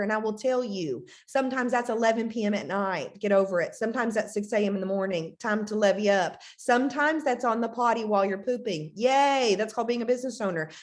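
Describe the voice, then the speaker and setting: A woman in her thirties giving an emphatic motivational talk to her team, repeating phrases and acting out quotes. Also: on the high side. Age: 30s. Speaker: team leader giving a team call.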